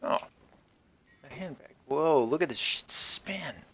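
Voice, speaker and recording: A man's voice: on the high side, lively intonation, takes it slowly, a bit bright, a little hiss or hum. A man giving casual let's-play commentary while gaming, rambling and wisecracking with plenty of swearing. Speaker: gameplay commentator.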